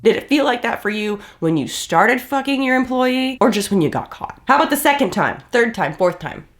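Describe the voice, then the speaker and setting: A woman's voice: fairly high pitch, lively intonation, brisk. A woman giving heated, blunt reaction commentary and swearing often. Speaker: commentary host.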